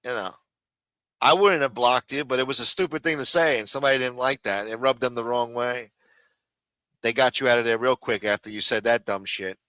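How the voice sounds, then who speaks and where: A man's voice: mid-range voice, fairly quick, sharp tone, clean tone, no room sound. A man hosting a live stream in a casual, profane rant, with many fillers, repeated phrases and muttered asides.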